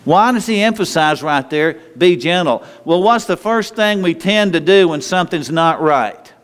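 A man's voice: fairly high pitch, lively intonation, normal speed. A pastor preaching a sermon in a conversational way, often restarting phrases and chuckling as he talks to the congregation. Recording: long hall reverb.

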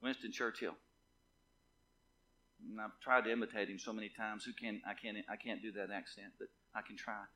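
A pastor's low-leaning, bright, pushed voice fills a church sanctuary at a normal speed with fairly even intonation. He preaches with passion and repetition, his intensity rising and falling as he drives each point home.

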